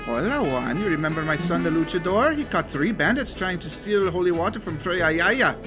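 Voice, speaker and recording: A man reading in bright playful townsfolk voices. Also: high voice, sing-song, normal speed, loud music behind the voice.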